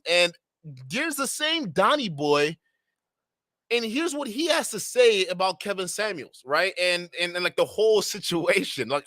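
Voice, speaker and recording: A man's voice: high-pitched, pushed and bright, dry recording, clean studio sound. A man hosting casual reaction commentary, chatting directly to his viewers. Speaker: commentary channel host.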